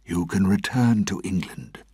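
An anxious older governor, protective of his daughter, speaks in an urgent, pleading way, as a male narrator puts him on. The voice climbs well above the reader's own deep tone. It sits dry and close, with no room around it. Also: measured pace, mellow, husky, no echo.

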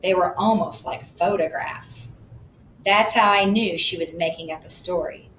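A woman's voice: lowish voice, a little slow, fairly bright tone, echoey room, a little hiss or hum, rough recording. A woman narrating a first-person children's book in a plain, matter-of-fact storytelling manner. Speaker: audiobook narrator.

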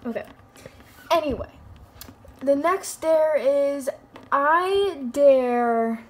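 A woman's voice: high voice, lively intonation, very slow, long pauses. A woman narrating a playful toy skit in a silly, joking way. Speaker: toy video maker.

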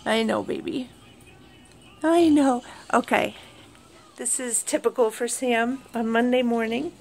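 A woman at home in the morning, talking unhurriedly to her pets and her viewers, cooing to the animals in a soft, doting voice. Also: a little high, a little slow, vocal fry, slight background noise. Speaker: pet owner vlogger. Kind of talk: casual talk to pets and viewers. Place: at home indoors, early morning.

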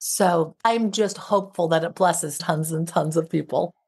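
A woman's voice: on the low side, measured pace, a little mellow, breathy edge. A middle-aged woman, a relationship expert and author, speaking heartfelt and emphatic as a podcast guest. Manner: heartfelt, emphatic, repetitive phrasing. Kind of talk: podcast interview.

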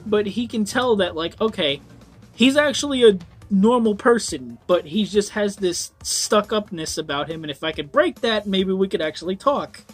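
A man's voice: sits high, animated, moderate pace, husky. Young man, casual book review, rambling, lots of ums, curses when annoyed, faint music behind. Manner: rambling, frequent ums, swears when worked up.

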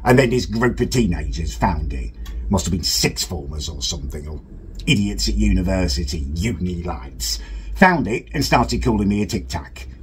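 A man's voice: expressive, moderate pace, a little hiss or hum. A man from northern England hosting a comedic reaction video, mock-pompous and indignant. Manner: mock-pompous, indignant, wildly swinging pitch. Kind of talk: comedic reaction commentary in character.

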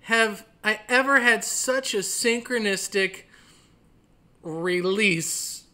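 Man, comic storyteller, high voice, very bright and sharp tone, animated, acts out other people's lines, recorded at home. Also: slow. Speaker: stand-up comedian telling a personal story. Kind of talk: comedic storytelling monologue. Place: home, by the front door. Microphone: camera at home.

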